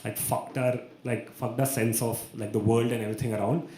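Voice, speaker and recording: A man's voice: mid-range voice, fairly even intonation, fairly quick, mellow, a little hiss or hum. A young man from India, telling a rambling, self-mocking personal story at an open mic. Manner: rambling, self-mocking, uses many fillers. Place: small performance room. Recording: echoey room.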